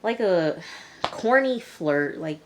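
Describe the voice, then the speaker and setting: Low-voiced woman chatting casually. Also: animated, takes it slowly, background noise. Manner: chatty, full of fillers like "um" and "you know". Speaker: TV reviewer. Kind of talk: casual episode recap.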